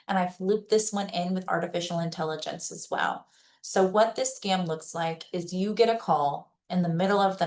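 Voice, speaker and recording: A woman giving an informal educational presentation in a conversational way. She gives practical advice in plain, reassuring words and keeps checking in with her listeners. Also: on the low side. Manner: conversational, checks in with listeners by asking "okay?" and "right?". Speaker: presenter at a senior-services webinar.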